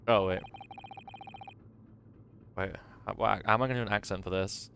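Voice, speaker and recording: A man's voice: lowish voice, steady tone, normal speed, creaky, pauses often, a bit bright, slight background noise. A man streaming a game live, chatting casually and giggling.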